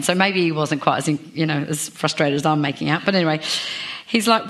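A woman's voice: sits low, fast talker, a bit bright. A woman preaching a sermon in a chatty, self-deprecating way, asking the congregation questions. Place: church.

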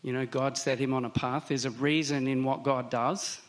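Male pastor, mid-pitched voice, conversational sermon delivery, slow emphatic stresses. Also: fairly even intonation.

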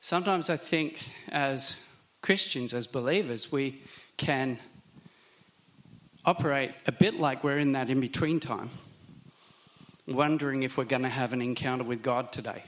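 Male pastor, mid-pitched voice, conversational sermon delivery, slow emphatic stresses. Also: a bit bright.

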